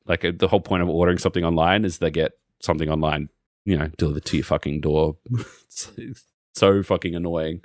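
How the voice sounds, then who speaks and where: A man's voice: deep voice, fast talker, dry recording, studio quality. An Australian man co-hosting a podcast, telling rambling, sweary stories in a casual chat. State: recently sick. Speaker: podcast co-host.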